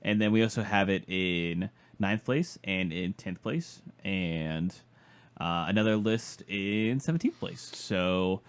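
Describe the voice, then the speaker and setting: A man's voice: deep voice, slow pace, smooth. A man co-hosting a casual podcast, hesitant and often stammering over restarts. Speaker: podcast co-host. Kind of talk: casual chat about card game.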